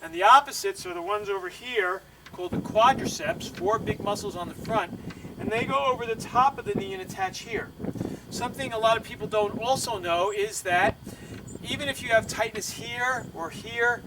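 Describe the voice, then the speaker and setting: Male stretch instructor, high voice, slightly winded, distant mic with faint hum. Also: normal speed. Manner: calm step-by-step coaching. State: slightly out of breath. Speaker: bodywork instructor.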